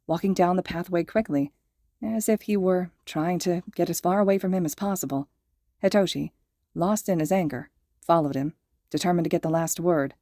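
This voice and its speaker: Low, mellow woman reading fan fiction. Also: moderate pace, dry recording, studio quality. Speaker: podfic reader. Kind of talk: scripted narration of fan fiction.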